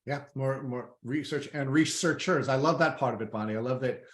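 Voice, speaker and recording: A man hosting an interview podcast, talking in a halting way with many restarts and repeated words. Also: medium pitch. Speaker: podcast host. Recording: roomy echo.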